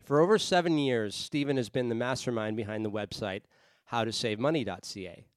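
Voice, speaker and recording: A man hosting a personal finance podcast, reading a clear scripted introduction. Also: medium pitch, fairly quick, no room sound, clean studio sound. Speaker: podcast host. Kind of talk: scripted narration.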